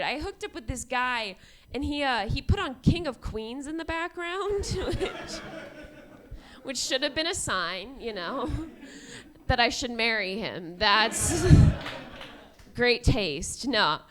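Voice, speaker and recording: A woman in her twenties doing a stand-up comedy set on a club stage, deadpan delivery and laughing at her own jokes. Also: high voice, takes it slowly, crowd noise. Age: 20s.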